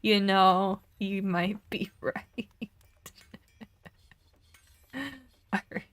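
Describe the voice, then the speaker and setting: A woman's voice: medium pitch, little pitch movement, very slow, a bit bright. A young woman streaming a game, chatting casually, giggling often and reading game text aloud.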